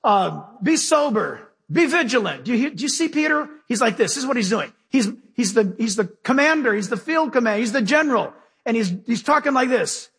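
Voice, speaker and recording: A man's voice: very high-pitched, animated, fast, fairly bright tone, slightly rough. A man preaching a sermon to his congregation in a church, folksy and emphatic, often firing questions straight at his listeners. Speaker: pastor. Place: church sanctuary with a live congregation. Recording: long hall reverb.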